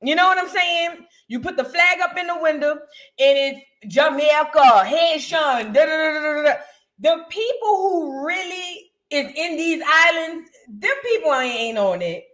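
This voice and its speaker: Animated high-voiced woman, slangy. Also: unhurried. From United States. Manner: animated, slangy, repeats phrases for emphasis. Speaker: podcast co-host. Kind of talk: casual storytelling chat.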